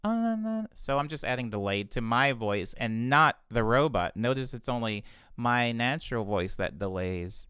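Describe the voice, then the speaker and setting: A man's voice: medium pitch, moderate pace, pushed and bright, clear, resonant tone, no room sound, clean studio sound. A man, a music producer, explaining his vocal chain step by step in a casual tutorial, stopping now and then to correct himself. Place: home music studio.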